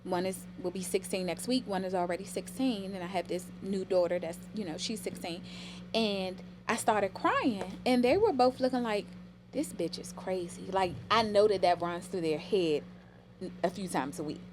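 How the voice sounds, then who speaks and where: A woman's voice: mid-range voice, normal speed, noisy background. Emotional storytelling woman. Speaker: podcast guest. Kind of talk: casual podcast conversation.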